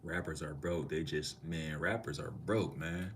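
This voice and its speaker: A man's voice: extremely low pitch, normal speed, hardly any pauses, a little hiss or hum. A man from Minneapolis streaming live in a loose, slangy way, reading out and answering chat comments.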